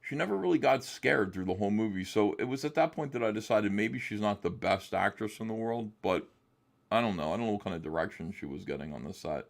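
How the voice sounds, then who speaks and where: Man, low voice, gravelly, rambling casual talk, lots of ums. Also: fast. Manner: rambling, hesitant with many fillers. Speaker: guest comic artist. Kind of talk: casual interview chat.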